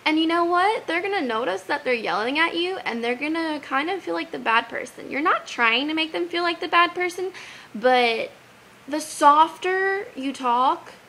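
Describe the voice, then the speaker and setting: A young woman giving earnest advice in a casual vlog, animated and sincere, quoting scripture now and then. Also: sits high, normal speed, a little hiss or hum, rough recording. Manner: earnest, animated, quotes Bible verses.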